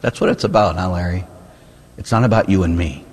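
Man putting on God, dry fatherly teasing, husky, long echo. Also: deep voice, brisk, darkish tone, voice pushed down. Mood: wry teasing. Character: God, mildly teasing fatherly male deity.

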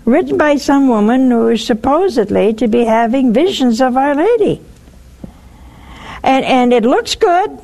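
A woman hosting a religious call-in show, teaching with lively storytelling and acted-out little dialogues. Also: high voice, measured pace. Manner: animated storytelling, acts out dialogues. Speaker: host.

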